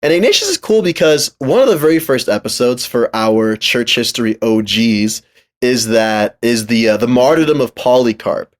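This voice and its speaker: A man's voice: mid-range voice, normal speed. A man co-hosting a podcast, narrating a story and then chatting casually, with plenty of fillers. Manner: relaxed, with frequent fillers and laughter. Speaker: podcast co-host.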